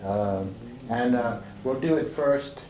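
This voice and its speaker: A male Sufi teacher with a mellow, mid-range voice gives relaxed spoken instruction to a seated group, leading a practice slowly and haltingly with many fillers and restarts. He's in an indoor room with a door to the street, and the recording has a roomy echo with faint street noise.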